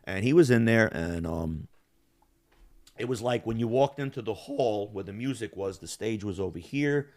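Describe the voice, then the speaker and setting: A man's voice: lowish voice, lively intonation, moderate pace, darkish tone. A man hosting a podcast, telling a casual, profane story and acting out the bar scenes as he goes. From Yugoslav family roots. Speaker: podcast host.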